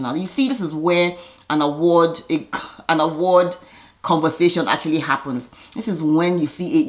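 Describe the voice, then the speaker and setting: A woman recaps a TV episode in a relaxed, conversational way. She is animated and chatty, with restarts and fillers. Now and then she briefly mimics the characters' lines. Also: low-pitched. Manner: animated, slips into quick impressions of characters. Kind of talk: casual retelling of a TV episode.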